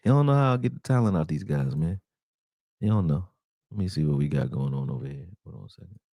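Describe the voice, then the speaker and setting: Animated gravelly man ranting over game film. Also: very deep voice, fast talker, no room sound, clean studio sound. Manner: animated, profane, exasperated, talks to viewers as y'all. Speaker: sports channel host breaking down game film. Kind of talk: casual raw film breakdown. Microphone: close desktop mic, screen sharing.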